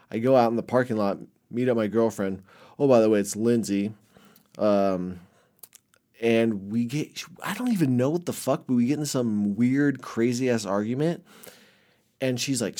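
A man casually telling a rambling, heavily profane story about his past, with many restarts, swinging between muttered asides and loud bursts. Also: mid-range voice. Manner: rambling, heavy swearing, frequent restarts.

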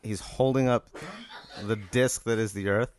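A man's voice: fairly low pitch, fairly even intonation, unhurried, a little mellow, a little hiss or hum. A young man co-hosting a podcast, improvising an absurd scenario and filling his sentences with "like". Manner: rambling, leans on "like" while building the scene. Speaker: podcast co-host posing a hypothetical. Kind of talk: improvised comedic storytelling.

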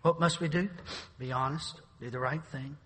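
A middle-aged pastor preaching a sermon, building to sudden shouted climaxes. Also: male voice, a little high, normal speed, husky. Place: church sanctuary. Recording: reverberant church sanctuary.

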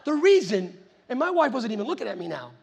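A middle-aged male preacher telling a story from the pulpit in an animated, chuckling way, with sudden loud outbursts. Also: very high-pitched, fast talker, vocal fry, breathy edge. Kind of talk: storytelling sermon.

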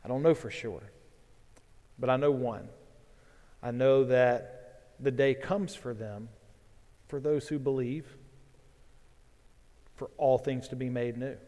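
A pastor with a mellow, mid-range voice preaches a sermon, earnest and building in force as he reads scripture aloud. Long reverb from a large hall surrounds him.

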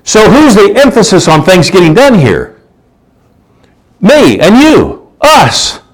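A man's voice: high voice, wildly swooping pitch, takes it slowly, poor audio. A man preaching a sermon in a conversational way, often repeating words and asking rhetorical questions.

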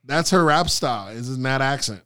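Male podcast co-host, casual chat, smooth resonant voice, dry sound, laughs often. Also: mid-range voice, a little fast, no room sound. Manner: animated, laughs often, swears freely.

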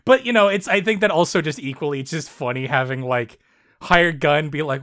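A man co-hosting a casual discussion of a fan story, talking in animated, frustrated bursts full of fillers. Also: on the high side, a little slow, pauses often. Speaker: podcast co-host.

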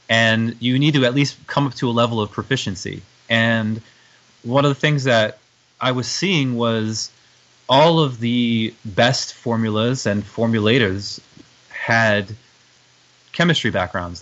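A man's voice: lowish voice, a bit bright, lo-fi sound. A man who is a guest in an interview, speaking reflectively and hesitantly, often restarting his sentences. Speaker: guest, strength coach and nutrition formulator. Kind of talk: conversational interview.

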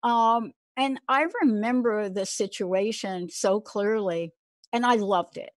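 A woman from the Bronx hosts an interview at a middle pitch, in a dry and close sound. She affirms her guest with enthusiasm and shares her own story in turn. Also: slow, no echo. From the Bronx, New York. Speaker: interview host. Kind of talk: conversational interview.

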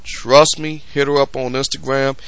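A man's voice: medium pitch, flat delivery, normal speed, fairly bright tone, clean tone, no room sound. A man hosting a podcast, ranting in a casual, emphatic and profane way. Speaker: podcast host. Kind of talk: casual commentary rant.

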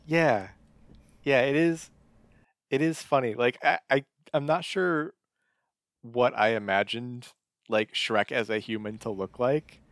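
A man's voice: mid-range voice, fairly even intonation, slow pace, pauses often, dry recording, clean studio sound. A man chatting casually about a film, hesitant and often restarting his sentences. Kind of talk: casual chat.

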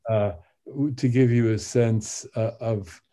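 An older man speaking as a guest in a podcast interview, halting with many fillers and restarts. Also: medium pitch, fairly even intonation, warm tone. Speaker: guest translator of biblical poetry.

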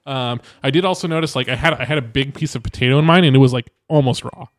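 Man, podcast co-host, casual rambling chat, middle pitch, dry close sound. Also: quick pace, no echo. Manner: rambling, hedging with fillers.

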